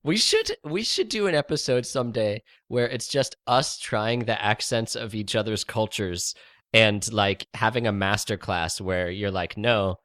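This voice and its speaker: A man's voice: on the low side, animated, a little slow, a bit bright, no room sound, clean studio sound. An American man hosting a podcast in casual chat, joking and laughing often. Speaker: podcast host.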